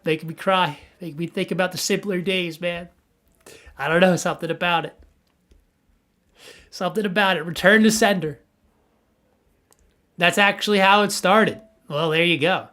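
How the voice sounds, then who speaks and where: Young male streamer, slightly high voice, rambling and playful, stammers a lot. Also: moderate pace, pauses often, sharp tone. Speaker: livestream host reviewing NFT art. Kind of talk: casual livestream chat.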